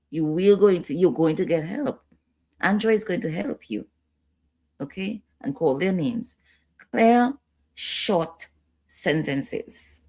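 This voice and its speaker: A woman's voice: fairly low pitch, animated, takes it slowly, pauses often, darkish tone. A woman instructor giving a training lecture, repeating key points and checking in with her listeners.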